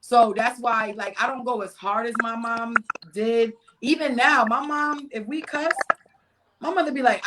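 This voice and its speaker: A woman in her thirties talks in a casual group chat, her voice sitting a little high as she tells lively stories about parenting and slips into the voices of her daughter and mother. there is a faint hiss behind her. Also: unhurried, low-quality recording. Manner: animated storytelling, acts out her family's lines.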